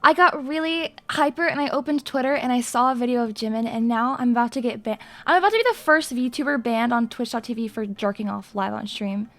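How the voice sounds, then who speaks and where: A woman's voice: fairly high pitch, fairly quick, hardly any pauses, faint music behind. A young woman streaming live, chatting in a hyper, rambling and crude way with her viewers. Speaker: VTuber streamer. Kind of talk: casual live-stream chat.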